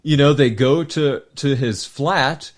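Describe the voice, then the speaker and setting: A man's voice: medium pitch, slow pace. A man co-hosting a film podcast, talking casually and rambling with many fillers and restarts. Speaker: podcast co-host.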